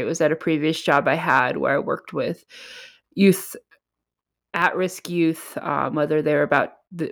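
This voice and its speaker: A woman guest who works supporting at-risk youth, telling a moving story in a heartfelt way with many fillers. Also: deep voice. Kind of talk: emotional storytelling.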